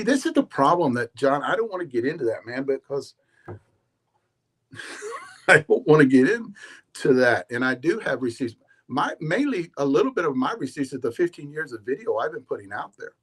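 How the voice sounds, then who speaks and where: Man, podcast host, mid-pitch voice, loose rambling monologue, animated and full of restarts. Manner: animated, storytelling, frequent restarts and laughs.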